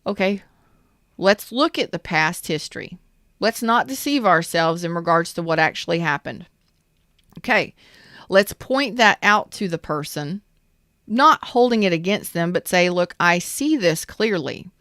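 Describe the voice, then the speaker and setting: Smooth-voiced woman giving a tarot reading. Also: lowish voice, lively intonation, unhurried, a bit bright, dry recording, studio quality. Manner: chatty, repeats questions, frequent restarts. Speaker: tarot reader. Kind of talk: casual spoken tarot reading.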